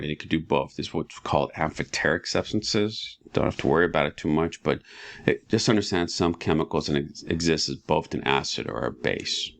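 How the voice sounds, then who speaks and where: A man teaching chemistry in a relaxed, casual lecture, walking students through each step and often asking "right?". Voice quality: very deep and gravelly. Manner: relaxed, talks students through steps with frequent rhetorical "right?".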